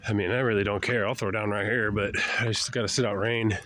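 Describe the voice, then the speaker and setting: A man's voice: on the low side, steady tone, quick pace, a bit bright. An older man with a cold, congested and breathing hard, muttering to himself as he hikes outdoors by a river. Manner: muttering to himself while hiking. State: congested from a cold, stuffy nose; out of breath from walking. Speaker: drifter vlogger. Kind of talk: casual walking vlog. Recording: noisy outdoor recording.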